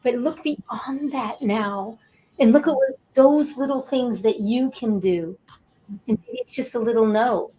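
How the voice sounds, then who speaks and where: A woman's voice: a little high, a little slow, warm tone, low-quality recording. A woman co-hosting a talk show, counseling-minded, speaking emotionally with repeated words and heartfelt emphasis.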